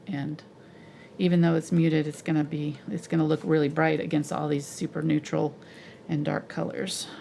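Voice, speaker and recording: A woman's voice: low-pitched, flat delivery, normal speed, gravelly, mellow, a little hiss or hum. A woman teaching a live painting tutorial, chatty and explaining each step as she mixes her colours, laughing easily. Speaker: painting instructor.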